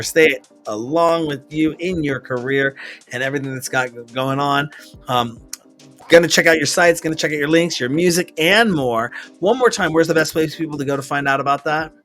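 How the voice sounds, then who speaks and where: A man's voice: on the high side, a bit bright. A man hosting a casual remote interview, chatty and rambling, with many restarts. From Washington state, US. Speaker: interview host. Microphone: remote video call.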